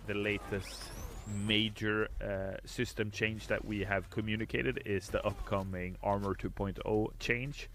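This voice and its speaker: A man with a fairly low voice reads a viewer's question aloud, then answers it in a measured way. He pauses on fillers and speaks carefully, like a studio representative. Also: little pitch movement, fairly bright tone.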